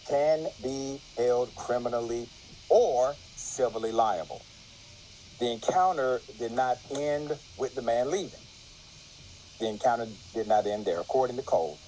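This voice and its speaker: A man reads a news article aloud and stops to explain the law along the way. He marks each quotation carefully by saying quote and end quote. His voice is dark and mellow, and it sits at an average pitch for a man. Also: a little hiss or hum, rough recording. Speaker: legal commentary narrator.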